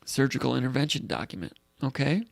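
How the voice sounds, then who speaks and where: A man's voice: mid-range voice, animated, quick pace, gravelly, dry recording. A man hosting a live call-in sports show in a casual, rambling way, reading out comments and thinking aloud.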